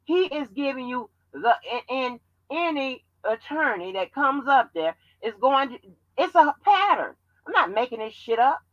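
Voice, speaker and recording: A woman hosting a livestream, talking bluntly and profanely in animated commentary. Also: sits high, normal speed, no echo, dull audio. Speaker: channel host.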